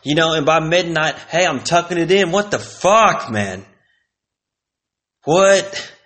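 A man's voice: fairly high pitch, lively intonation, slow pace, a bit bright. A man delivering a profane, rambling vlog rant with exasperated disbelief. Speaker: vlogger. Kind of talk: casual ranting monologue.

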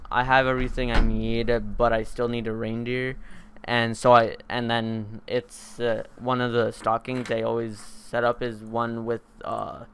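A man's voice: mid-range voice, gravelly, fairly bright tone, clear, resonant tone. A teenage boy hosting a podcast, telling a long story in a casual, rambling way with lots of fillers and restarts. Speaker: podcast host.

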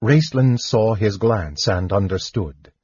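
Male audiobook narrator, low, husky, even fantasy reading. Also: takes it slowly, dry recording. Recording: dull dry recording.

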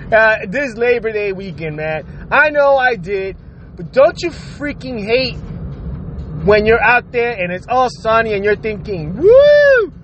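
High-voiced man ranting with lots of swearing. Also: measured pace. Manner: profane, animated, laughs while ranting. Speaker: podcast host. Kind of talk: casual solo rant. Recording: slightly dull audio with faint noise.

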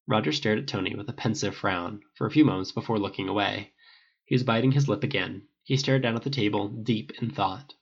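A man narrating fan fiction aloud in a steady, measured way. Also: fairly low pitch, gravelly, slightly rough, dull audio. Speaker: audiobook reader.

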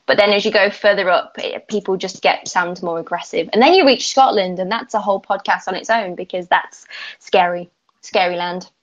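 English woman podcast co-host, mid pitch, slightly dull recording, easy laughing delivery. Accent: central English. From central England. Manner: breezy, quick to laugh. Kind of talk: casual chat.

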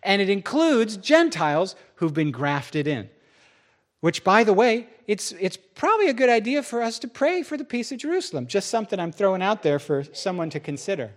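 A man preaching a sermon as pastor, telling stories in a lively way and jumping into other people's voices. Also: normal speed. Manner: lively storytelling, jumps into high voices for quotes.

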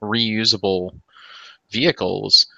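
A man's voice: fairly low pitch, steady tone, slow, vocal fry, bright, forceful tone, no room sound, muffled recording. A man co-hosting a live podcast, explaining ideas at length with lots of filler words. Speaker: podcast co-host. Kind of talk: casual live podcast chat.

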